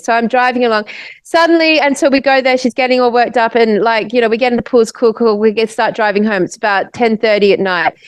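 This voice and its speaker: A woman's voice: on the high side, clear, resonant tone, no room sound, rough recording. Australian woman, podcast co-host, rambling storyteller, swears, close dry mic. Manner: animated, rambling, swears freely. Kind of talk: casual storytelling.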